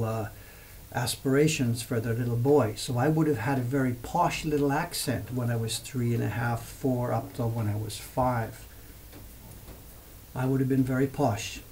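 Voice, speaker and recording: An Englishman in his seventies hosts a casual livestream, rambling through memories and taking viewer questions in a storytelling chat. His voice is medium-pitched and darkish, and the low-quality recording carries a little hiss or hum.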